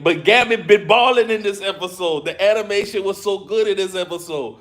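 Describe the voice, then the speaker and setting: A man giving a casual live review of an episode, retelling scenes in an excitable, slangy way. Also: high-pitched, brisk, hardly any pauses. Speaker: show reviewer.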